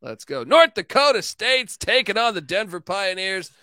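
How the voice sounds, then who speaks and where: A man's voice: sits high, big pitch swings, moderate pace, pushed and bright, no echo, studio quality. A man hosting a casual sports betting show, loose and joking, swearing and laughing as he gives his picks. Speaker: sports betting podcast host.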